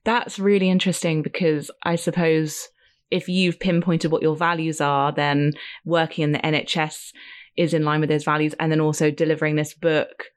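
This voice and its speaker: An interview host asking reflective, thoughtful questions in a relaxed conversation. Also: mid-range voice, moderate pace.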